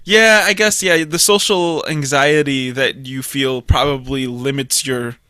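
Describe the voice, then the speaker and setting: A man's voice: medium pitch, fairly even intonation, a little slow, sharp tone, smooth, no room sound. A man co-hosting a podcast in casual chat, joking and swearing freely. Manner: joking, profane, acts out angry voices. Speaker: podcast co-host.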